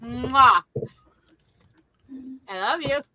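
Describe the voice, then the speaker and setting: A woman's voice: high-pitched, drawn-out words, sharp tone, no room sound, dull audio. A woman co-hosting a casual party-game chat, teasing the others and blurting out swear words. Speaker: podcast co-host.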